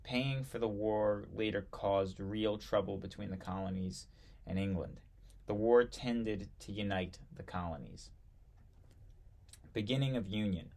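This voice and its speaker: A man reading aloud from an old history textbook, halting now and then to correct himself and add brief asides. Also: lowish voice, a little mellow. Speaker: history reader.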